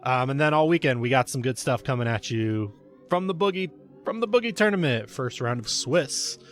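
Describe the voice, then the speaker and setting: A man's voice: mid-range voice, normal speed, soft background music. A man hosting and commenting on a speedrun race livestream, chatty and jokey with frequent fillers.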